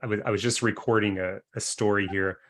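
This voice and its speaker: A man hosting a coaching video call in an easygoing, halting way. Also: on the low side, fairly even intonation, a bit bright. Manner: easygoing, halting, laughs often. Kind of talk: casual chat on a video call.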